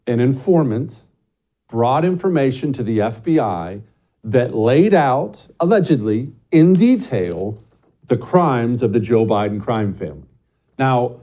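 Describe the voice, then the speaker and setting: Middle-aged male host, dark mellow voice, punchy emphatic commentary. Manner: emphatic, swings between shouting bursts and low asides. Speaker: show host. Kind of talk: opinionated commentary monologue.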